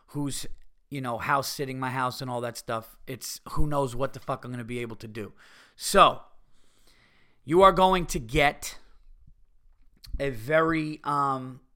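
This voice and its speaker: Male comedy podcast host, solo, profane and worked-up, sharp bright tone, mid-range pitch. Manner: profane, heated ranting. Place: home.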